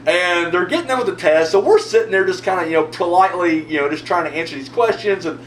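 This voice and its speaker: A man hosting his own video channel, telling a long story in a rambling, profane, animated way. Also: sits high, fast, distant mic. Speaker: video host answering viewer comments. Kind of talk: casual storytelling monologue. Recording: roomy echo, mic set back, faint hum.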